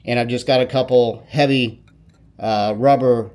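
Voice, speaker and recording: A man giving a casual how-to walkthrough of a repair, talking informally with quick self-corrections and apologetic asides as he works. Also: mid-range voice, steady tone, darkish tone. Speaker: DIY repair video host.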